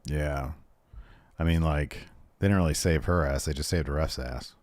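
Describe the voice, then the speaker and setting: A man's voice: very deep voice, normal speed, a little mellow, no room sound. A man co-hosting a podcast, recapping wrestling in casual chat with joking, exasperated asides. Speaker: podcast co-host.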